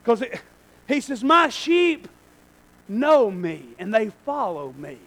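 A male pastor preaching a sermon in a church, swinging between shouted lines and quiet asides. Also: very high voice, big pitch swings, slow pace, rough recording.

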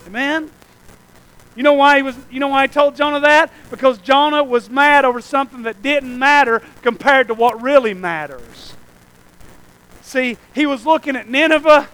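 Man, pastor, sermon, very high voice, rhythmic repeated phrases, hushed to shouting, dry close mic. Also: no echo, rough recording. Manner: swings from hushed asides to shouted preaching.

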